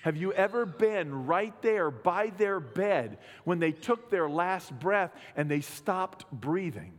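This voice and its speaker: A man's voice: sits high, expressive, takes it slowly. A middle-aged man, a pastor telling personal stories in a conversational sermon, acting out gasps and quotes. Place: church sanctuary. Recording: long hall reverb.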